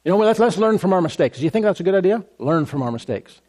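A man's voice: sits high, lively intonation, quick pace, dark tone. A man preaching a sermon as a pastor, in a conversational tone, repeating phrases and asking the congregation "Amen?".

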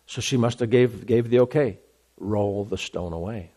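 A man's voice: fairly low pitch, normal speed, mellow. A man preaching a sermon, emphatic, repeating phrases and restarting mid-sentence.

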